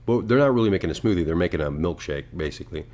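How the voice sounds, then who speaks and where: A man with a very low voice hosts a casual podcast. He rambles and swears freely. He slips into quick impressions of what people would say. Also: lively intonation, a little mellow. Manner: rambling, profane, acts out voices. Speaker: podcast host.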